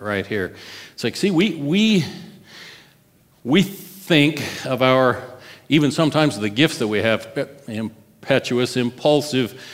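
A male pastor preaches in a conversational, expressive way and often turns to his listeners with questions. He speaks slowly and deliberately at a mid pitch, and his voice rings in a long hall reverb. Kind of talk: sermon.

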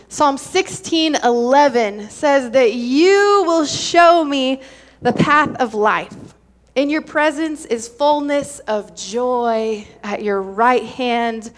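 High-voiced woman preaching with energy. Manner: energetic, calls for audience response. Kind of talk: sermon.

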